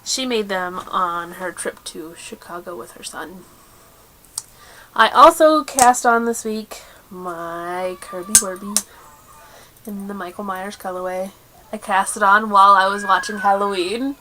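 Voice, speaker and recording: A woman hosting a crafting video podcast in casual chat, chatty and quick with asides, laughing often. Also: mid-range voice, background noise. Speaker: podcast host.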